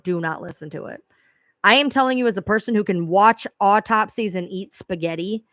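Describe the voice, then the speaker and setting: A woman's voice: mid-range voice, fairly bright tone, dry recording. Woman, casual chat, blunt and emphatic, profane, dry sound. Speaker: true crime creator.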